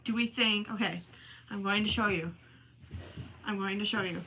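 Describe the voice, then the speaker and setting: A woman's voice: mid-range voice, steady tone, normal speed, background noise. A woman with a Minnesotan accent hosting a casual livestream from home, chatting with viewers, reading their comments and often apologizing with a self-deprecating tone. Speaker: livestream host. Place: home, indoors.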